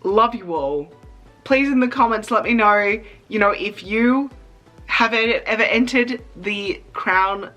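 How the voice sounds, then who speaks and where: A woman's voice: medium pitch, slow pace, faint music behind, poor audio. Chatty, emotional woman vlogger. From Australia. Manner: chatty, excitable, emotional, trying not to cry. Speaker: cosplay vlogger. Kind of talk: casual vlog talk.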